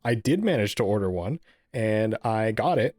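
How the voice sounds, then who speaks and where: A man's voice: lowish voice, expressive, normal speed, a little mellow, no room sound. Rambling male podcast co-host, dry sound. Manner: rambling, many ums and restarts. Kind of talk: casual podcast chat.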